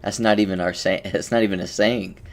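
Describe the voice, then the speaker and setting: A young man with a lowish voice talks loosely to his live chat from a desk mic. He drifts from topic to topic, cracks jokes and calls out viewers by name as the stream gets going. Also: fairly even intonation, brisk, gravelly. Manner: rambling, joking, greets chat by name. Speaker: streamer and game coach. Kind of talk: casual livestream chat.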